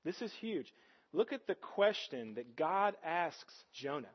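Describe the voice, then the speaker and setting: A man's voice: fairly high pitch, very animated, unhurried, slightly rough, highs cut off. A man preaching a sermon as pastor, earnest and conversational, often putting rhetorical questions to the congregation.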